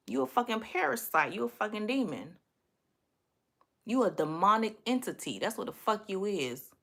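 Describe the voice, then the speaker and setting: A woman's voice: lowish voice, animated, moderate pace, a bit bright. A young woman from Miami, with a Miami accent, talking bluntly and cussing freely as she rants and chats with viewers on her livestream. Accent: Miami, Southern US. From Miami, Florida. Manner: profane, blunt, trash-talking. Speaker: livestream host. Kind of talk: casual livestream rant to viewers.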